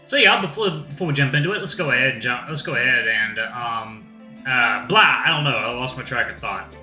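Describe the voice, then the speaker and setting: A man's voice: mid-range voice, animated, a little fast, sharp tone, reverberant, faint music behind. A man hosting a gaming channel who casually reads a story game aloud. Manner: casual and rambling, with slang. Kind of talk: reading a visual novel aloud.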